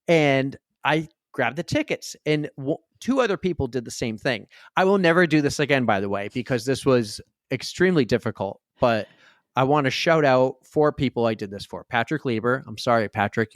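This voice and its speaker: A man co-hosting a podcast in casual chat, telling a story and acting out the quotes with big jumps in pitch. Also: no echo, clean studio sound. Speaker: podcast co-host.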